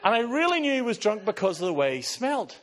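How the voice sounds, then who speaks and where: A man with an Irish accent, a pastor preaching a sermon and telling stories in an animated way, slipping into other people's voices. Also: sits high, fast. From Ireland.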